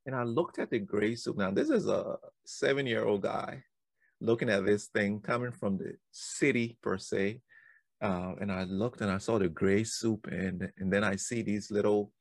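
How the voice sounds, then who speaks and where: A man hosting a podcast, telling a childhood story in a rambling way with quick laughs. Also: fairly low pitch, creaky, no room sound. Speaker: podcast host. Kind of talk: casual conversation.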